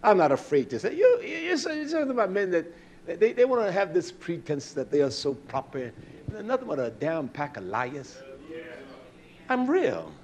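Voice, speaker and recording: A high-pitched male preacher delivers a sermon in a forceful pulpit style. He rises to shouted declarations, then drops into low, intimate asides aimed at his listeners. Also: very animated, moderate pace. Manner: preaching, shifts between shouting and quiet confiding.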